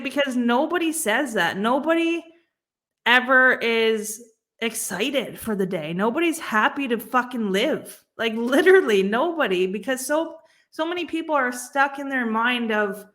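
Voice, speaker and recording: This is a young woman co-hosting a casual podcast chat. Her voice sits a little high, and she talks earnestly, with loose swearing and frequent restarts. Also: fairly bright tone. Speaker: podcast co-host.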